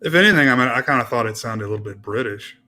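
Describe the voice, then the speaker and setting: A man's voice: mid-range voice, animated, rapid-fire, sharp tone. A man co-hosting a casual film discussion podcast, talking hesitantly and often trailing off. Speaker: podcast co-host.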